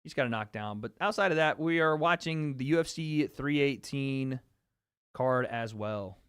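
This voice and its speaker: On his casual livestream, a man jokes profanely and keeps chatting with viewers in quick asides. Through a streaming microphone, his mid-range voice sounds fairly bright, clear and resonant, in clean studio sound without echo.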